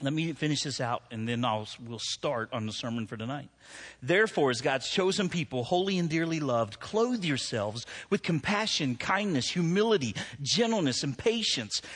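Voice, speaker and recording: A man's voice: a little high, expressive, normal speed, fairly bright tone, husky. A man pastor, preaching a sermon in a conversational, self-deprecating way that rises into emphatic preaching. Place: church hall. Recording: long hall reverb.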